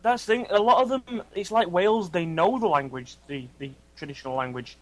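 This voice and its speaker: A chatty man talking with friends, easily breaking into laughter. His voice sits high for a man. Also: brisk, no echo, low-quality recording. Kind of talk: casual chat.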